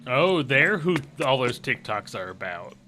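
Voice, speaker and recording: A man's voice: mid-range voice, big pitch swings, a little slow, sharp tone, faint music behind. A man chatting casually and swearing offhandedly while playing a co-op puzzle game. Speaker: co-op game player. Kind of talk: casual gaming chat.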